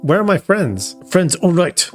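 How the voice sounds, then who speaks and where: A man's voice: high voice, very animated, unhurried, faint music behind. Australian man reading a gamebook aloud. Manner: laughs often while reading, chatty asides. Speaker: streamer.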